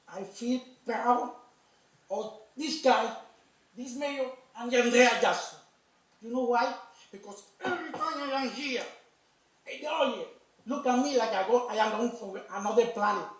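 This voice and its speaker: A man from Cuba with a Cuban Spanish accent, speaking up with passion in broken English during public comment at a city meeting. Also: high voice. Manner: broken English, impassioned, repetitive. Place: city commission meeting hall. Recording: echoey council chamber, distant mic.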